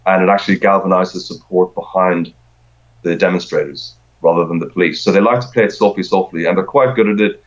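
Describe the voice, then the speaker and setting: A middle-aged man speaks in a very low register, chatting loosely and circling back over his own words as he goes. The recording sounds dull and lo-fi. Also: a little fast. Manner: rambling, with frequent repeated words and restarts. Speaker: podcast guest. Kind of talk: casual conversation.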